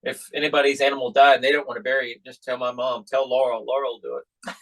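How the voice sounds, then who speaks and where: Middle-aged male podcast host, lively storyteller, mid-pitched voice. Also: fast, rough recording. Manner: animated storyteller acting out quoted voices. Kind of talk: casual storytelling chat.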